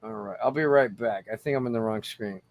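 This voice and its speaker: A man's voice: fairly low pitch, fairly quick. A tipsy man hosting a casual livestream, rambling and swearing between laughs. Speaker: livestream host.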